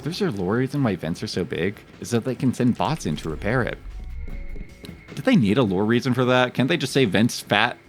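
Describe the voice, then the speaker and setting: A man's voice: mid-range voice, expressive, fairly quick. A male streamer giving chatty, jokey gaming commentary and swearing freely. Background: faint game music.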